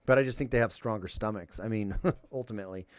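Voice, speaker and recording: A man's voice: on the low side, quick pace, no echo. A man hosting a call-in livestream, ranting heatedly with profanity and reading viewer chat aloud.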